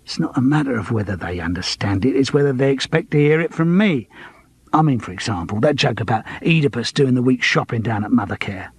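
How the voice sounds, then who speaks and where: A man voicing a stubborn comedian who speaks bluntly and flatly. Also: medium pitch, a little fast, slightly rough, no echo. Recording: dry close studio.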